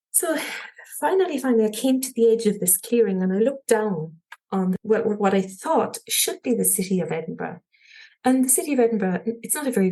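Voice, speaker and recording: Husky woman with a Cork Irish accent. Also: mid-range voice. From Cork, Ireland. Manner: animated storyteller with frequent light laughs and restarts. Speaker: podcast guest. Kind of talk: personal storytelling interview.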